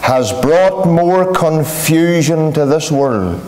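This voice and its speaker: High, lively Northern Irish preacher. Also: male voice, slow pace, slight background noise, poor audio. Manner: emphatic, repetitive, addresses listeners as friends. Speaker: pastor. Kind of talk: revivalist gospel sermon. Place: gospel hall.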